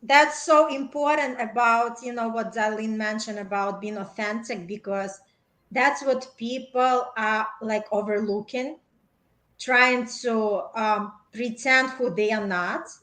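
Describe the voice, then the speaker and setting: A woman's voice: on the high side, slow pace, pushed and bright, reverberant, rough recording. A woman in casual panel talk, hesitant with many fillers.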